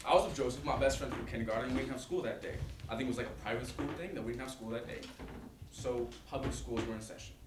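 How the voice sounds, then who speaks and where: A man's voice: medium pitch, fairly even intonation, fast, natural voice. A young man playing a defiant, self-assured teen boy in a staged reading monologue, telling his story with animation. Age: young adult. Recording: echoey stage with clear hiss.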